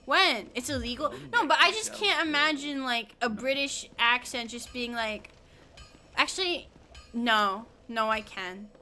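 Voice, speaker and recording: A woman's voice: fairly high pitch, a little slow, sharp tone. A young woman streaming a game, rambling and giggling as she chats with her viewers. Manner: rambling, giggly, talks to chat while playing. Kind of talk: casual gaming stream chat.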